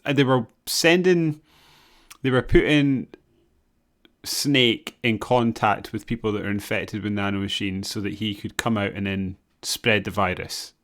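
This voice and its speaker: A man's voice: fairly low pitch, a little slow, fairly bright tone. A man co-hosting a podcast in casual chat, easygoing and wry. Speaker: podcast co-host. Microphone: podcast microphone.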